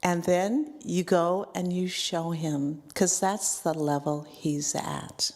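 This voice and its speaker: A woman's voice: fairly low pitch, fairly even intonation, slow pace. A middle-aged woman giving friendly advice in a group class, acting out bits of conversation. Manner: warm, encouraging, acts out little dialogues. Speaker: class participant.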